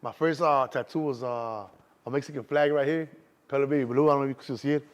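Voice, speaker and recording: Fast-talking Chicago man with street slang. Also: mid-range voice, steady tone, dull audio. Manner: streetwise slang, keeps saying "you know what I'm saying". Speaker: interview guest. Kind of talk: casual storytelling.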